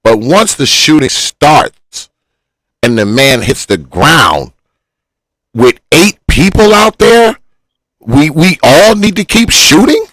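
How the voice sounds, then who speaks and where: A man's voice: a little high, lively intonation, takes it slowly, a bit bright, dry recording, low-quality recording. A man arguing heatedly on a talk show, pressing his points and repeating himself.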